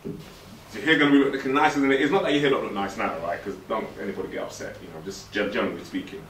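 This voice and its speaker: A man's voice: medium pitch, recorded from a distance, a little hiss or hum. A man, giving a playful, direct motivational talk to a youth forum audience. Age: 40s. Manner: joking, direct and playful, puts on slangy voices. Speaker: motivational speaker. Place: event hall with a live audience. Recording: echoey hall, speaker away from the mic.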